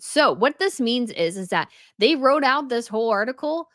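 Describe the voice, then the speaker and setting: A woman's voice: on the high side, animated, normal speed, fairly bright tone, no room sound, clean studio sound. A woman giving casual news commentary as a channel host, chatty and full of fillers.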